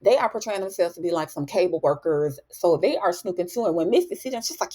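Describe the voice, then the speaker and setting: A woman recapping a TV episode in a casual, sassy, chatty way, with asides to the viewer and quick impressions of the characters. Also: medium pitch, expressive, a little mellow, slightly rough. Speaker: TV recap host.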